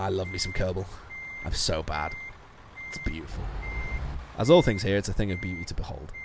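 A man's voice: low-pitched, noisy background. A man casually commenting while playing a game, chatty and self-mocking, swearing often and laughing a lot. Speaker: streamer.

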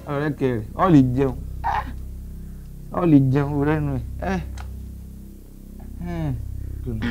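A man with a Nigerian accent playing a makeshift Santa in a comedy skit, loud, playful and rambling. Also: fairly high pitch.

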